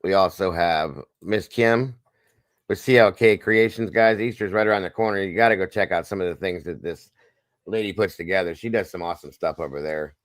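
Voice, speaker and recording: Low voiced guy hosting a livestream, shouting out people in chat, dry close sound. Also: fairly quick, no echo. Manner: shouts out viewers by name, jokey and upbeat. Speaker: livestream host. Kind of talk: casual live-stream chat.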